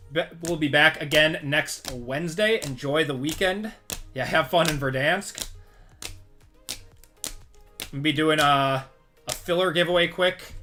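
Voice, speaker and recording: A man's voice: a little high, bright, forceful tone. A man hosting a live sports card break stream, upbeat and rattling off long lists of pulled cards.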